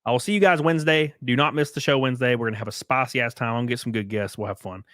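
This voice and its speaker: A man from the Southern United States fires off words rapidly in a medium-pitched, fairly bright voice, recorded dry at studio quality. Hosting a casual live stream, he rambles, cracks jokes, reads out chat messages and thanks viewers.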